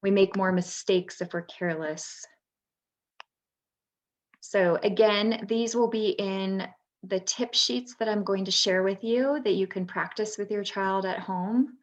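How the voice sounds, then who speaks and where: Slow-paced woman teaching parents. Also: mid-range voice. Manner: patient, many "um" pauses. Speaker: parent workshop presenter, former teacher. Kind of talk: explanatory presentation.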